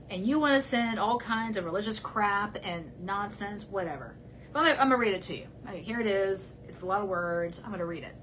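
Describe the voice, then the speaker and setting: A woman hosts a true crime show in a loose, conversational way. She reacts bluntly and with heat as she reads out messages. Her voice sits at a middling pitch, with a faint hiss in the background. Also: fairly quick, a bit bright, poor audio. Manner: blunt and heated, talks back to the person she discusses. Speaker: true crime channel host. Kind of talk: casual commentary while reading messages aloud.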